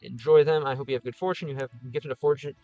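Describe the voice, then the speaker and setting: A man's voice: medium pitch, steady tone, fast talker, mellow, dry recording, dull audio, soft background music. Offhand male streamer thinking aloud. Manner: offhand, thinking aloud while reading comments. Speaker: streamer reading viewer comments. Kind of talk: casual livestream chat.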